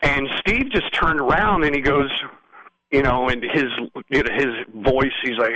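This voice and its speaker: A man guesting on an interview and spinning long, lively stories with a bright, forceful edge to his voice. He rambles through the tale and keeps checking in with "you know what I mean?" The sound is close and dry, with no room around him. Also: medium pitch, a little slow, no echo, dull audio. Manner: rambling, animated storytelling. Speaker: musician guest. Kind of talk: casual storytelling interview.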